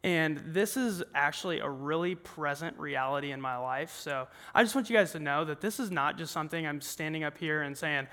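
A man's voice: fairly high pitch, a little fast, hardly any pauses, pushed and bright. A young man preaching an earnest, conversational sermon to a crowd in a large worship room. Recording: long hall reverb.

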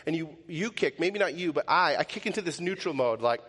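A man's voice: fairly high pitch, fast, few pauses, fairly bright tone, big-room sound. A male pastor gives a casual, conversational sermon, asking his listeners rhetorical questions and often adding "like" and "right?".

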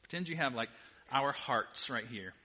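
A man preaching a sermon to a congregation in a casual, direct way, moving between quiet asides and loud emphatic peaks. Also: medium pitch, animated, moderate pace, husky. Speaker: pastor. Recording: dull lo-fi sound.

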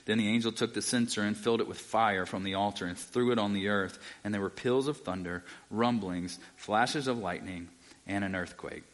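A man's voice: lowish voice, normal speed. A man teaching a conversational sermon to a live church audience, reading scripture aloud and often checking in with his listeners. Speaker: Bible teacher.

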